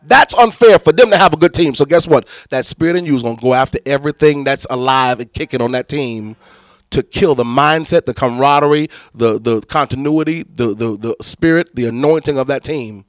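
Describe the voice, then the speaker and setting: A man's voice: mid-range voice, brisk, no echo, clean studio sound. A man, a pastor, teaching church leaders in a preaching style, emphatic and repetitive with many restarts.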